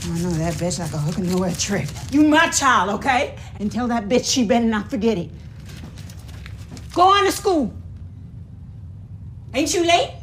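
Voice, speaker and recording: A domineering mother, profane, shouting, voice leaping high and low, faint ambience behind. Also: big pitch swings, normal speed, long pauses, a little hiss or hum. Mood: scolding. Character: harsh, volatile mother demanding money from her son.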